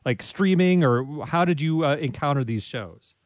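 A man's voice: a little high, lively intonation, normal speed, dry recording. A man hosting a live call-in radio show, chatting in a friendly, self-deprecating way with callers. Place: radio studio. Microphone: studio microphone.

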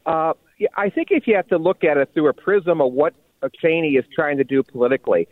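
A man's voice: on the high side, fairly quick, no room sound. Man on a tinny phone line. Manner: casual, opinionated. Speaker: radio caller. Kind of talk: call-in comment.

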